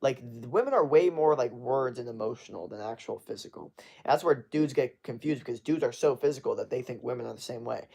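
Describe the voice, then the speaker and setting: A man's voice: medium pitch, a little fast, vocal fry, warm tone. Blunt, profane young man ranting. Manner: blunt, profane, emphatic, lots of fillers. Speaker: streamer answering chat. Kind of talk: casual live-stream advice rant.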